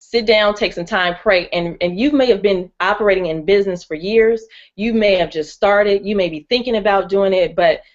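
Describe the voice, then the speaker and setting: A woman's voice: medium pitch, normal speed. A woman teaching about faith and money in an earnest, encouraging way, often restarting her sentences with fillers. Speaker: ministry co-host. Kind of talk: faith-based finance teaching. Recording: muffled lo-fi audio.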